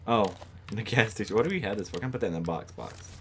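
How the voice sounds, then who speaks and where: A man's voice: fairly low pitch, racing, fairly bright tone. Giggly man gaming over a noisy mic. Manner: giggly, jittery, talks to the screen. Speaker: gamer playing a horror game. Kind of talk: casual let's-play commentary. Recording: noisy home recording.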